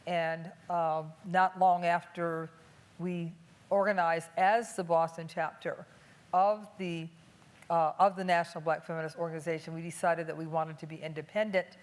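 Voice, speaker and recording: Older woman, halting thoughtful speaker. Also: fairly low pitch, little pitch movement. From Cleveland, USA. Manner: thoughtful, many filler pauses. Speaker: panelist and activist. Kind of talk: public panel talk. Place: museum talk before an audience.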